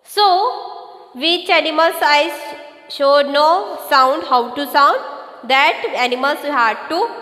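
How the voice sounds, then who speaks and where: Slow, patient woman teaching small children. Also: high-pitched, sharp tone, roomy sound, big-room sound. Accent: Indian English. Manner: slow, patient, questioning with repeated prompts. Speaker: kindergarten teacher. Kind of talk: slow online class lesson for young children.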